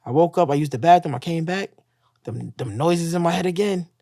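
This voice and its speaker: A man's voice: a little high, brisk, dark tone, dry recording, studio quality. A man casually telling a raw personal story, profane, acting out the voices he quotes. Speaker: guest telling his story.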